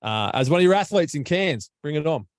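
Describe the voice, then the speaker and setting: Fast-talking Australian man hosting a podcast. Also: on the high side, expressive, no echo, clean studio sound. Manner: chatty, blunt, matey. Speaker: podcast host. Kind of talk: casual podcast chat. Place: at home. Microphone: online call.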